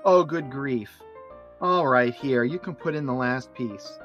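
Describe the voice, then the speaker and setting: A man's voice: mid-range voice, unhurried, fairly bright tone, lo-fi sound, soft background music, natural voice. A man voicing a bossy, impatient little girl with curt, exasperated lines.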